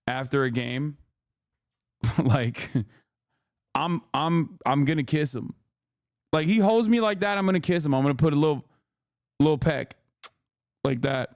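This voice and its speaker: A man's voice: medium pitch, clean tone, no echo, clean studio sound. A man streaming and commenting on politics, ranting in a profane, sarcastic mock-patriotic way. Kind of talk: casual livestream reaction chat.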